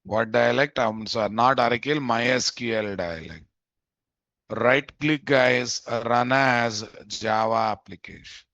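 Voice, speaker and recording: A man's voice: medium pitch, a little slow, a bit bright, dry recording. A man teaching a live coding lesson. He thinks aloud, repeats phrases, and keeps checking in with "guys?". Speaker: programming instructor. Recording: dull, dry lo-fi mic audio.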